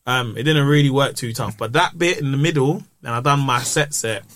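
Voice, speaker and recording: A man's voice: mid-range voice, brisk, a little hiss or hum. A young man, a stand-up comedian telling stories in casual podcast chat and acting out voices. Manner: animated storyteller, acts out voices.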